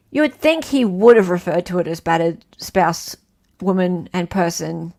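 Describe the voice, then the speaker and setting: A woman's voice: fairly low pitch, normal speed, darkish tone, soft background music. A woman with an Australian accent hosting a casual livestream, chatting loosely and reading out quiz questions in a sing-song list. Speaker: livestream host.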